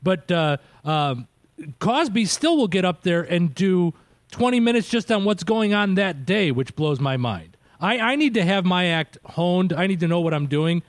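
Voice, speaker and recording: Male radio host in his 30s, high voice, dry close studio sound, loose and chatty. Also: expressive, moderate pace, no echo. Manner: chatty, laughs easily, frequent filler words. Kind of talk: casual radio interview.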